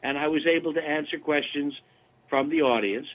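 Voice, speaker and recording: Older male guest, chatty and lively, fairly high voice, heard over a tinny phone line. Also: normal speed. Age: 70s. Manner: animated, chatty anecdotes. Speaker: guest voice actor. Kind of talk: casual interview storytelling.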